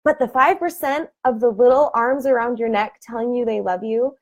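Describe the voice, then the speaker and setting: A woman in her thirties, a fitness team coach, talking casually on a live video call and laughing often, with sudden animated bursts. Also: on the high side, normal speed. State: emotional.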